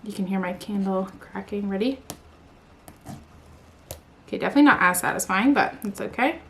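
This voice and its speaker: A woman in her twenties unboxing a new phone in a vlog, gushing and squealing with excitement, saying "like" and "oh my god" constantly. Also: mid-range voice, moderate pace. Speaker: vlogger.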